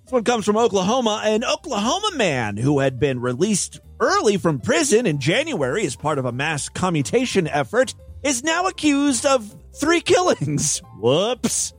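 Brief: high, animated male commentator, sarcastic and profane, faint music underneath. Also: moderate pace, few pauses, slightly rough. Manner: sarcastic, profane, mocking asides. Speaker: comedic news commentator. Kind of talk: reading and mocking news stories.

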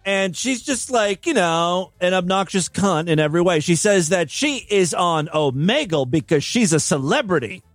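A man with a fairly high voice talks over a clip in a sarcastic, disbelieving tone. The recording is dry and close, with soft music underneath. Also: animated, normal speed, hardly any pauses, no room sound. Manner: incredulous, sarcastic. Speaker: commentary host. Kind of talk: reaction commentary.

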